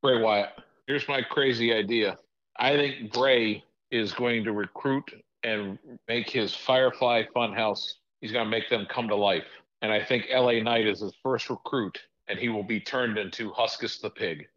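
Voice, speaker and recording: A man's voice: lowish voice, normal speed, fairly bright tone, lo-fi sound. A man co-hosting a podcast, chatting casually and laying out his predictions with a few hedges. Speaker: podcast co-host. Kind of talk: casual chat.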